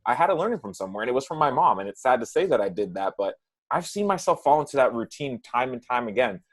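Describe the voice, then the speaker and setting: A man's voice: mid-range voice, fast. A man who works as a nutrition coach, talking casually on a podcast and often adding "right?" and "like". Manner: relaxed, says "right?" and "like" often.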